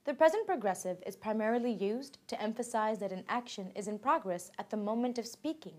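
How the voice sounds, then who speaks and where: A woman giving scripted narration for a language course, reading example sentences slowly and evenly, then their translations. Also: fairly high pitch, expressive.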